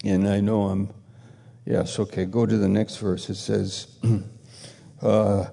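A man's voice: fairly low pitch, little pitch movement, slow pace, gravelly, warm tone, breathy edge, long reverb tail. A man preaching a sermon, emphatic and repetitive, pressing his rebukes with growing intensity.

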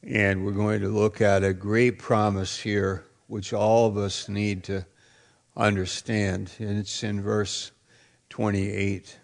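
Male pastor, deliberate slow delivery, gravelly, emphatic sermon style. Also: lowish voice, little pitch movement. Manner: emphatic preaching, repeats phrases, bursts into shouts.

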